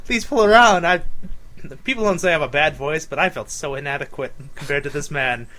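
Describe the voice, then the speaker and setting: A young man in a loose, jokey podcast chat, with a voice sitting a little higher than most men's. He tells stories with animation and laughs often. He breaks into impressions of the people he describes. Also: a little fast, pushed and bright. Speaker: podcast co-host. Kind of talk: casual chat.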